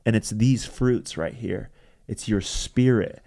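A man's voice: on the low side, slow pace, vocal fry, mellow. A man, a pastor, talking through his faith in a casual, reflective chat, rambling with restarts and fillers.

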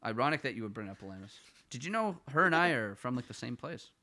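A man's voice: mid-range voice, very animated, fast, pushed and bright. A young man from the Ottawa Valley with a Canadian accent, co-hosting a casual comedy podcast and rambling with stumbling restarts and self-mockery. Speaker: podcast co-host.

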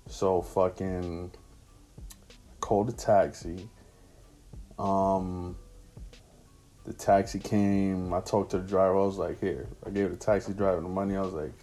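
A man's voice: deep voice, flat delivery, moderate pace, long pauses, mellow, soft background music. A man casually telling a personal anecdote in slangy, profane street talk. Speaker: storyteller.

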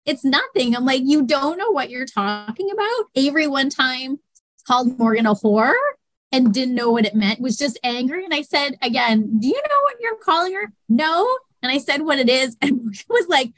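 A woman's voice: sits high, normal speed, dry recording, rough recording. A middle-aged woman, a mother and podcast guest, animatedly telling stories and acting out the quotes in casual chat. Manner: animated storyteller who acts out quotes.

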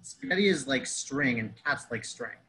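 A man's voice: mid-range voice, animated, normal speed, bright, forceful tone, rough recording. A man telling a comedic story in a pedantic, wordy way, fussing over grammar and metaphors.

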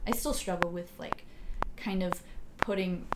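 A woman, a podcast guest, telling a personal story in a casual, halting way with many fillers and restarts, sometimes dropping almost to a whisper. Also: lowish voice. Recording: loud background noise with clicks.

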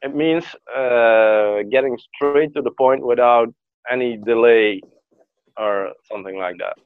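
A man's voice: mid-range voice, smooth, dry recording. Man, dull lo-fi sound. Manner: hesitant, halting explanations. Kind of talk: casual chat.

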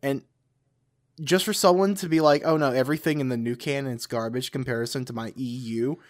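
A man's voice: medium pitch, fairly even intonation, a little fast. A man co-hosting a podcast in casual chat, talking emphatically, repeating his points and laughing often. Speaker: podcast co-host.

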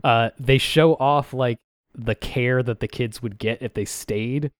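This podcast co-host has a medium-pitched voice and a measured pace, recorded in studio quality with no room sound. He chats loosely, rambles through lots of fillers, and performs lines from what he's been watching.

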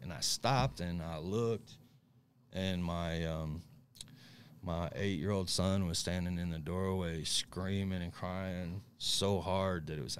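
A man's voice: low voice, a little hiss or hum. A man speaking as a guest, telling his recovery story in a blunt, candid way, often tagging "right?" and "um". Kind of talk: recovery story in casual conversation.

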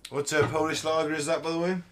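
A man's voice: fairly high pitch, flat delivery, fast talker, fairly bright tone. A man co-hosting a casual podcast, chatting and cracking jokes. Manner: joking, chatty. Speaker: podcast co-host. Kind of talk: casual chat.

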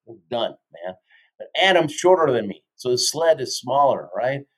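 Energetic storytelling man in his fifties. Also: mid-range voice, normal speed, rough recording. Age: 50s. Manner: energetic, keeps tagging lines with "right?". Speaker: guest, motivational speaker. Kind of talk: animated storytelling in a podcast interview.

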